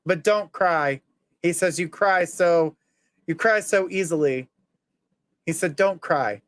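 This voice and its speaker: A man's voice: a little high, takes it slowly, dry recording, clean studio sound. Earnest man giving a psychic reading. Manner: earnest, reassuring, relays messages in the first person. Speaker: psychic medium host.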